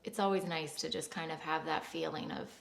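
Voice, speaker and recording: A woman's voice: low-pitched, brisk, vocal fry. A woman co-hosting a podcast, telling a personal story in a casual, chatty way with lots of "like" fillers. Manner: chatty, many "like" fillers, animated retelling. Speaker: podcast co-host. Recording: echoey room.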